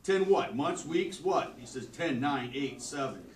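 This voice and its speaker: A man's voice: fairly high pitch, expressive, unhurried, a little hiss or hum. A man teaching a class, reading doctor jokes aloud in a dry, matter-of-fact delivery. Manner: dry joke delivery, flares up scolding students. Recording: echoey classroom from far off.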